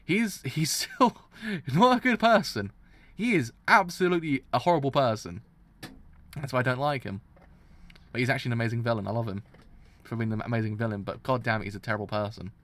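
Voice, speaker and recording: In a mid-range voice at a slightly fast clip, a man gets worked up about a story's villain while reacting live on stream. His frustration shows as he repeatedly restarts his sentences.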